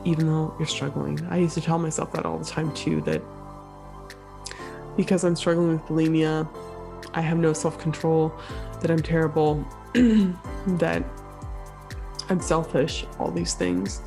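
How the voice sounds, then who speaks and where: Woman, podcast host, low voice, sick, breathless, casual, encouraging. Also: steady tone, unhurried, gravelly, pauses often, music in the background. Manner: casual, encouraging, with frequent fillers. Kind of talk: solo podcast monologue.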